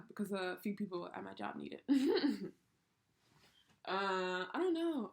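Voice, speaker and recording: A woman's voice: fairly low pitch, vocal fry. A young woman from the United States, telling a personal story in a casual vlog, candid and emphatic. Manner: candid and emphatic, with swears and laughs. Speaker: vlogger.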